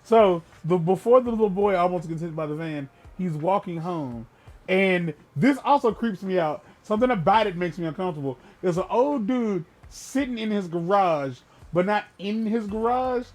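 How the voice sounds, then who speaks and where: A man co-hosting a gaming podcast, casually and profanely retelling a film, with bursts of loud emphasis. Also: high voice, expressive, moderate pace.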